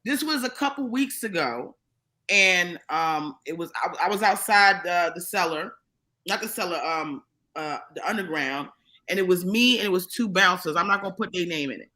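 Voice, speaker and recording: A woman guest on a live-streamed podcast, telling a profane story in an animated, casual way with many restarts. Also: lowish voice, normal speed, low-quality recording. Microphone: live stream mic.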